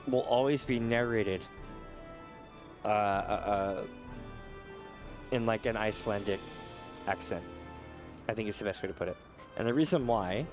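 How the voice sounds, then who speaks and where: A man streaming a game, chatting casually with viewers and reading the dialogue aloud. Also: on the low side. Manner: chatty, giggly, animated. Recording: dull lo-fi stream audio with game music. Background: game music.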